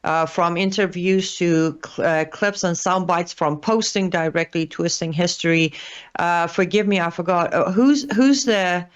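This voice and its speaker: A woman's voice: on the low side, unhurried, clean tone. Hesitant woman commentator, lo-fi sound. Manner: hesitant, many fillers and restarts. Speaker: guest commentator. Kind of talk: talk show discussion. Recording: dull lo-fi audio.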